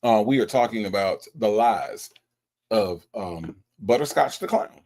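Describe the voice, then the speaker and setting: A man hosting a live stream, chatting casually and teasing his chat with an animated delivery. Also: lowish voice, unhurried. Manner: animated, teasing, mocks chat with exaggerated voices. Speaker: livestream host.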